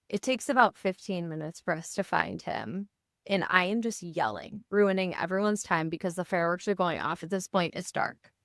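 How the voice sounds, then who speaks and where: With a fairly low, gravelly voice, a woman in her thirties co-hosting a podcast animatedly tells a personal story in casual chat, acting out the dialogue. The sound is clean studio quality with no echo.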